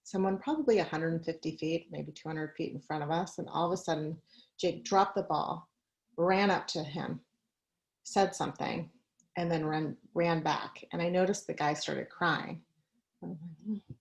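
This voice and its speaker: A woman's voice: low voice, normal speed, vocal fry, dull audio. A woman giving a conversational talk on a video call, mixing personal stories with practical advice and light laughs. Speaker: guest speaker.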